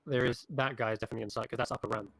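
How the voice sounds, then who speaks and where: A man running an online tabletop game as game master, narrating the scene and rulings in a relaxed, descriptive way. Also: mid-range voice, very fast, creaky, poor audio. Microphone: online call mic.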